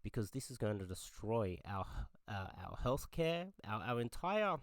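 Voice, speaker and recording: A man's voice: medium pitch, big pitch swings, a little slow, no echo, studio quality. Heated Australian man ranting. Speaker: political commentator. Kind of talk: angry ranting monologue.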